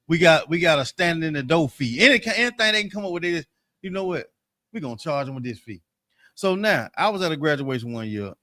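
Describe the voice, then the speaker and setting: A man's voice: a little high, bright, forceful tone, no echo. A man, co-hosting a casual chat with a teasing, storytelling manner. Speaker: co-host.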